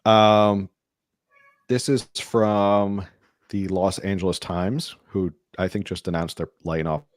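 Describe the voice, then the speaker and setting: A man's voice: low-pitched, steady tone, slow, dry recording. A man co-hosting a casual political podcast, talking in a rambling way with many restarts and fillers. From California. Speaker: podcast co-host.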